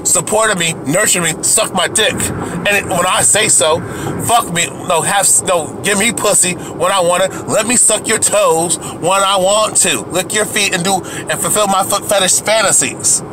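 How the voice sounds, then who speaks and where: A man's voice: sits high, unhurried, background noise. A man delivering an angry, profane rant to camera as a video commentator, heated and repetitive, often restarting his sentences.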